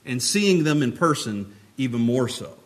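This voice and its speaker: A man's voice: mid-range voice, big pitch swings, moderate pace. Man preaching a conversational teaching sermon. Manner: conversational, talks with his hands, many restarts.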